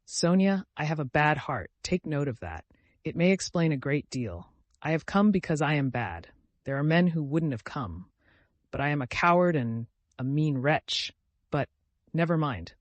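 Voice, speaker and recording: A man's voice: on the high side, big pitch swings, normal speed, no echo. A man voicing an anguished young murderer. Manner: anguished, pleading. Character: tormented young male murderer confessing.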